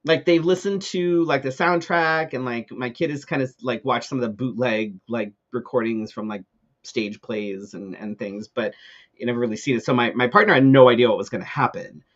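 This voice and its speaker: A man's voice: medium pitch, normal speed, a bit bright, dull audio. A man co-hosting a live talk show, telling a ranting story in casual chat, full of fillers and swearing.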